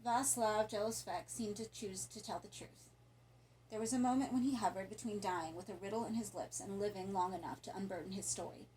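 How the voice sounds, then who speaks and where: A woman reading a horror story aloud in a calm, even narration. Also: medium pitch, a little fast, slight background noise, low-quality recording. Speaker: audiobook narrator.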